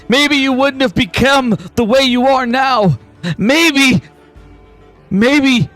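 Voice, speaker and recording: A man voicing a centuries-old male mentor who loved his student like a daughter, pleading and stern in broken phrases. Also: medium pitch.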